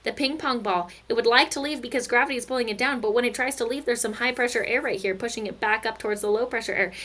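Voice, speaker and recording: A woman's voice: fairly high pitch, fast, a bit bright. A woman teaching a recorded physics lesson, chatty and playful, slipping into silly stories and asides.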